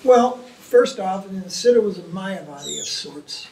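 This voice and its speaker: A man's voice: high-pitched, expressive, unhurried, gravelly, dark tone, slight background noise. A man, a swami, answering questions in an informal spiritual talk, colloquial and emphatic with many asides. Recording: echoey room, distant mic.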